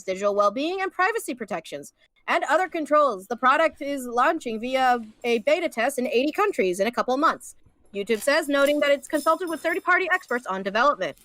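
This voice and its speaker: A woman doing a 1920s newsreel announcer, brisk old-time cadence, high voice, dry sound. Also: expressive, bright, forceful tone, no echo. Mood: mock-grave. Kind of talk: mock news reading.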